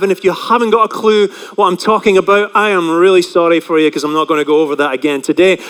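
A man's voice: sits high, a bit bright, clear, resonant tone, big-room sound. A male pastor preaching a chatty sermon, often asking the congregation questions.

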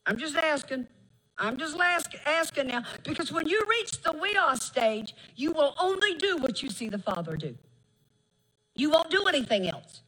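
A middle-aged woman preaching a sermon. Her voice sits high and rings bright. She talks in a folksy, emphatic way, stretching out phrases and laughing between points. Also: big pitch swings, normal speed, rough recording.

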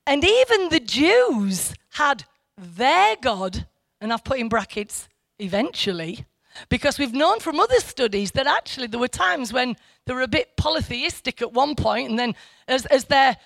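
A woman's voice: high-pitched, big pitch swings, normal speed, vocal fry, a bit bright, dry recording, clean studio sound. A middle-aged woman from England giving an informal, chatty Bible teaching that wanders off track and then presses hard on her key points. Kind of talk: informal Bible study talk.

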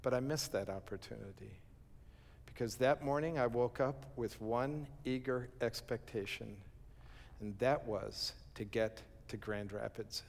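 A pastor telling a humorous story in a sermon, acting out the quoted lines and laughing at himself. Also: male voice, mid-range voice, unhurried, gravelly. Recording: long reverb of a large hall.

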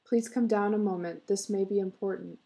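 An earnest, fussing husband, read aloud by a woman. He coaxes and insists. The voice is gravelly and warm. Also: mid-range voice, fairly even intonation, moderate pace, natural voice. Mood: coaxing. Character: earnest husband, eager and fussing, middle-aged.

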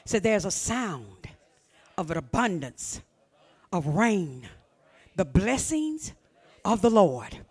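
A woman preaching a fervent sermon, repeating phrases and often shouting. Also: medium pitch, very animated, slow, pauses often, slightly rough.

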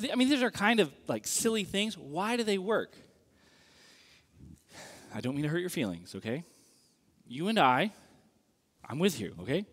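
A man preaching a sermon in a conversational, animated way, often checking in with the audience. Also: on the high side. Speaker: pastor. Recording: long reverb of a large hall.

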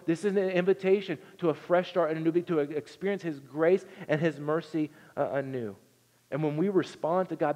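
A man preaching a sermon, telling the story with earnest energy and swinging from loud to hushed. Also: a little high, muffled recording. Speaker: pastor. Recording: long reverb in a large hall.

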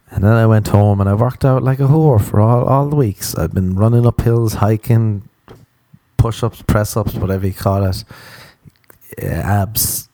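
A man's voice: fairly low pitch, moderate pace, warm tone, no echo. A man hosting a comedy podcast, ranting in a profane, sarcastic monologue into a close mic. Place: Los Angeles home recording.

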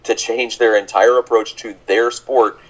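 A man's voice: fairly low pitch, fairly even intonation, unhurried. A man co-hosting a podcast in casual chat, dry and sardonic, stammering on restarts. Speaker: podcast co-host. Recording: dull lo-fi sound.

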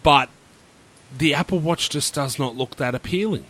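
A man's voice: on the high side, normal speed, a bit bright. A man, co-hosting a casual tech chat podcast and giving laid-back, opinionated takes. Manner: opinionated, laid-back, uses Aussie slang. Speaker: podcast co-host.

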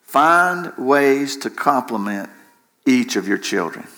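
A man's voice: medium pitch, expressive, slow pace, sharp tone. A man preaching a sermon in an impassioned way, repeating phrases for emphasis. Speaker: pastor.

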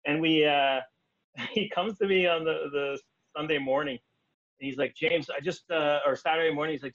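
A man from Canada with a Canadian accent, telling stories in casual chat as a guest, animated, laughing and leaping into high voices for quotes. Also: normal speed, no room sound, muffled recording. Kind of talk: casual storytelling.

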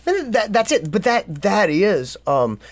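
A man's voice: high-pitched, very animated, measured pace, dry recording. A man co-hosting a podcast, giving earnest advice in casual talk, full of rhetorical questions and small stories. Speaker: podcast co-host.

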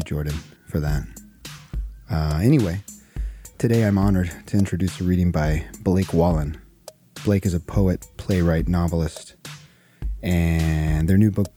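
Host, very low mellow male voice, relaxed intro over faint music. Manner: relaxed, halting, with fillers. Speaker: podcast host introducing a reading. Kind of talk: casual spoken introduction.

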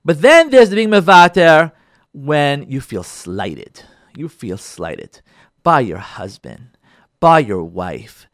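Animated rabbi a lively, expressive voice. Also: male voice, fairly high pitch, takes it slowly, no room sound, clean studio sound. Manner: animated, repeats phrases for emphasis, acts out listeners' voices. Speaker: rabbi, show host. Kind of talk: lively Torah talk addressed to listeners.

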